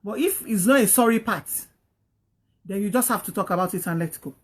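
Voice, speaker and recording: A woman's voice: medium pitch, a little fast, husky. A woman hosting a talk, giving earnest, repetitive marriage advice and exhorting her listeners.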